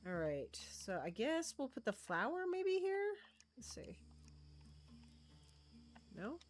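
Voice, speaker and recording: A woman's voice: high voice, wildly swooping pitch, slow. A woman streaming a video game, chatting casually with viewers as she thinks aloud and adds playful little sound noises. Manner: coos affectionately at game creatures. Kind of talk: casual live-stream commentary.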